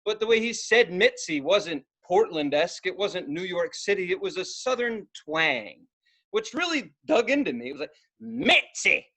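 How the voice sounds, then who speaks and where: Chatting casually on a podcast, a young male co-host spins an animated story at normal speed in a high voice. Now and then he bursts into loud outbursts, acting them out.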